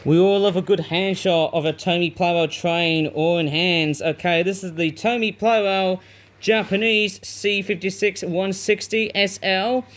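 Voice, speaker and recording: Man, high voice, chatty toy train review, rambling and excited. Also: a little slow. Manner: chatty, enthusiastic, rambling with fillers. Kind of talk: casual unboxing commentary.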